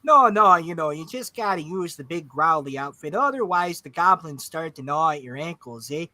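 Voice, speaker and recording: A man's voice: fairly high pitch, animated, normal speed, bright, forceful tone, no echo. A man voicing a big, friendly orc barkeep with a put-on Midwestern US accent, chatty and hospitable. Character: hulking orc barkeep, folksy and friendly under a tough act. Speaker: game master.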